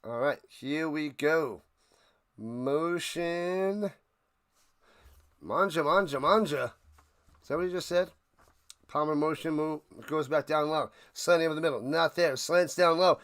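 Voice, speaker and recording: A man with a slightly higher voice hosts a live football watch-party stream. He calls the plays in a casual, excitable way and breaks into joking asides between snaps. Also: a little slow, clear, resonant tone. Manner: chatty, jokey, excitable asides. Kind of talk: casual livestream play-by-play.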